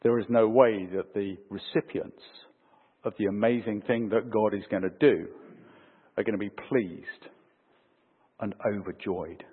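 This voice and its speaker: A man preaches with animated swings, climbing for emphasis and sinking low to finish a point. His voice is a little husky. The sound is thin and phone-like, with a long hall reverb trailing each phrase. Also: unhurried. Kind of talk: sermon with opening prayer.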